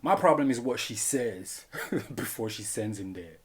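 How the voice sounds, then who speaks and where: A man reviewing a film in a comedic vlog, animated and profane, laughing often. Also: medium pitch, unhurried, slightly rough.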